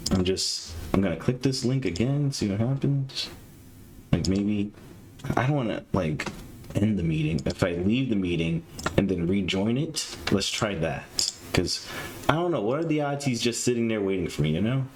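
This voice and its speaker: A young man hosting a live stream in casual chat, nervous and excitable, stammering and rambling. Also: on the low side, normal speed, a little hiss or hum. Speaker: streamer host.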